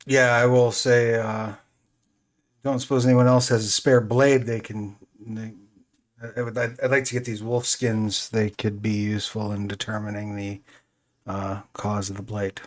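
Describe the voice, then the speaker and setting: A man's voice: on the low side, flat delivery, normal speed. A man playing a tabletop game, talking casually and hesitantly, thinking aloud with fillers. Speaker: player.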